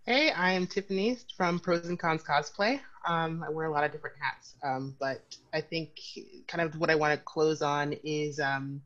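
A woman on a casual panel chimes in with quips and quick reactions. Her recording sounds dull and slightly muffled. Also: low-pitched, a bit bright. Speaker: cosplayer guest.

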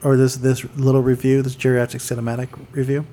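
Male podcast co-host, mid-pitched, loose and rambling, stumbles and restarts while reading notes. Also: flat delivery, fast, warm tone. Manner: rambling, many fillers and restarts, reads notes aloud. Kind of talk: casual chat.

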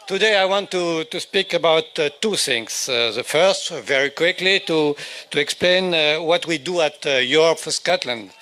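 An older man with a French accent, a native French speaker giving a halting speech at an outdoor rally. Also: a little high, bright, forceful tone, some chatter behind. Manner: halting, searching for English words.

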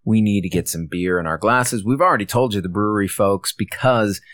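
A man co-hosting a casual podcast about films and beer, talking in a relaxed, chatty way with frequent restarts. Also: fairly low pitch, brisk, dry recording, studio quality. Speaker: podcast co-host. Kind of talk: casual film and beer chat.

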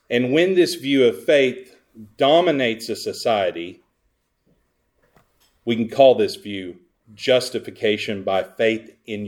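A man preaching a sermon at a mid pitch. He leans on sarcasm and keeps asking the congregation questions. His loudness keeps jumping between strong emphasis and near-murmured asides. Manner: wide swings between loud emphasis and quiet asides. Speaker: pastor.

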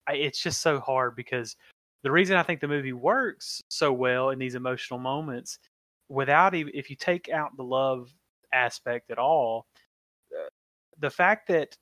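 A man's voice: mid-range voice, moderate pace, pushed and bright, no room sound. A man co-hosting a casual film review podcast, talking in a thoughtful, hedging way with lots of "you know" and "like". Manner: thoughtful, hedging, with many fillers. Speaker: podcast co-host.

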